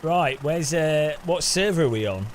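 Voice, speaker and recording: This man hosts a gaming channel, chatting casually as he plays, trading cheeky jokes and giggling often between remarks. His voice is a little high with lively intonation, and he speaks unhurriedly over slight background noise.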